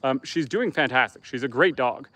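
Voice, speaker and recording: A man's voice: mid-range voice, animated, normal speed, bright, forceful tone, no room sound. A man from Northern Canada with a Canadian accent, casually chatting on a livestream from his homestead, rambling and easygoing with plenty of ums and restarts. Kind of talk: casual livestream chat, reading viewer comments. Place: outdoors at an off-grid homestead by a bonfire.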